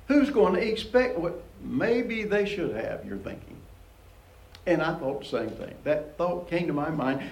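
Speaking a little slowly with vocal fry, a man delivers a laid-back Bible lesson on a reverberant, low-quality recording. He reads passages, remarks on them conversationally, laughs softly often, and his pitch climbs when he gets animated.

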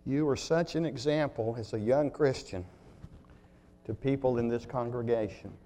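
A man preaching a sermon to his congregation, telling stories and slowing down on key words, often dropping to a quiet voice. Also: medium pitch. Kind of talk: sermon with illustrations.

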